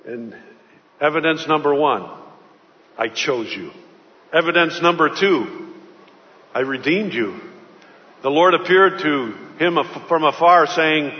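A man's voice: a little high, lively intonation, a little slow. Earnest male preacher in a reverberant hall. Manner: earnest storytelling preacher, emphatic. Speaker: pastor. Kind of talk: sermon. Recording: dull recording, long hall reverb.

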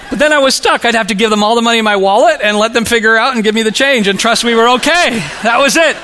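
Bright-voiced male preacher in a hall. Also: very high voice. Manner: animated storytelling with humor. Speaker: pastor. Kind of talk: sermon. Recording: long reverb of a large hall.

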